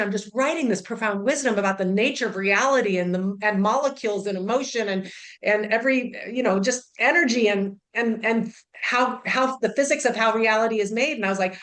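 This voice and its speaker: A woman's voice: on the high side, a little fast, a bit bright. A woman, an intuitive healer who is a guest, telling a personal story in a casual, chatty way, full of "like" and "you know", and acting out the dialogue. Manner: acts out dialogue in her story.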